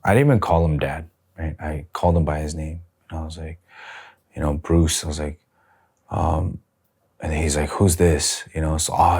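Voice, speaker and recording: Middle-aged man, very low voice, soft-spoken, reflective storyteller, prison minister in an interview. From Los Angeles. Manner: soft-spoken, reflective, retells scenes with quoted dialogue.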